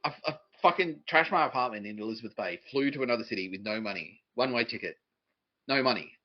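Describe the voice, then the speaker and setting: A husky man rants through a rambling, profane podcast monologue, swearing freely and slipping into mocking voices. His voice sits mid-range, and the recording sounds dull and lo-fi. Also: mid-range voice, animated, quick pace. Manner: profane, ranting, mocking others in put-on voices. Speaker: podcast host.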